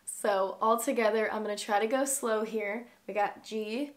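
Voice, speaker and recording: A woman's voice: medium pitch, steady tone, moderate pace. A young woman giving a casual guitar lesson, calling out long and short strums as she plays. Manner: explains strumming patterns, counting long and short. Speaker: guitar teacher. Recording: loud guitar playing throughout.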